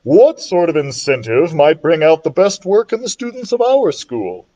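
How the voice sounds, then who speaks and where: A school principal speaking in a measured, formal way to a class, as a man reads him aloud. The delivery is even and unhurried, read from a children's storybook. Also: on the high side, lo-fi sound. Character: calm male school principal.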